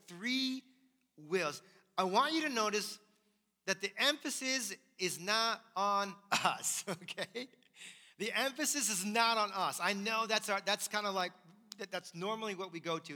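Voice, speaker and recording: A man's voice: sits high, unhurried, sharp tone. A man preaching a sermon as pastor, emphatic and repeating his key phrases. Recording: long hall reverb.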